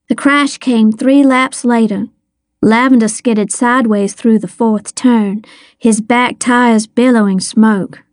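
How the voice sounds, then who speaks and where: A woman's voice: fairly high pitch, steady tone, slow, dry recording, clean studio sound. A woman narrating a first-person story in a vivid audiobook reading.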